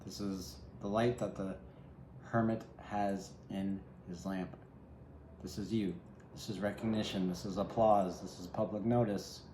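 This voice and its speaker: A man's voice: on the low side, fairly even intonation, a little slow, dark tone. A man giving a solo tarot reading, musing and reflective, speaking straight to the viewer. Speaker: tarot reader. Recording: echoey room with faint ambient noise.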